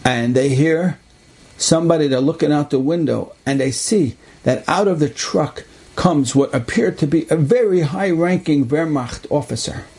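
A man with a husky, gravelly voice tells an inspirational story with earnest conviction. His tone is mellow and dark, and he often repeats phrases for weight. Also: fairly high pitch, moderate pace. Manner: earnest, repetitive emphasis. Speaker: religious storyteller.

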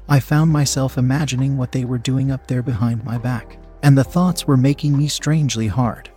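A man's voice: medium pitch, warm tone. A man narrating a first-person story in a tense, confessional way.

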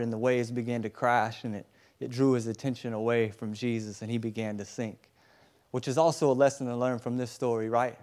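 A man preaching in a loose, conversational way, retelling the story with slangy asides and frequent restarts. His voice sits at an everyday middle pitch, neither deep nor high. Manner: animated storytelling, slangy asides, repeated stammered starts. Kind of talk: casual conversational sermon.

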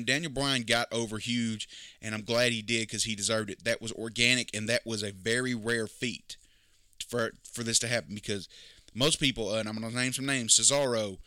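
A man's voice: medium pitch, sharp tone, smooth, no echo, studio quality. A man giving opinionated, emphatic casual commentary, critical and repeating his points. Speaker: wrestling commentator.

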